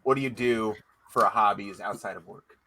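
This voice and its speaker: A man's voice: on the low side, brisk, sharp tone. A man co-hosting a casual podcast, upbeat and cursing freely as he runs through the show's questions. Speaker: podcast co-host. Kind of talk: casual chat.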